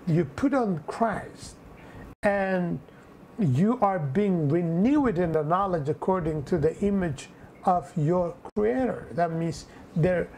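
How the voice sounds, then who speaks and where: A man's voice: sits high, lively intonation, slow pace, warm tone, a little hiss or hum, poor audio. A man preaching a sermon in an earnest way, often repeating phrases and adding fillers.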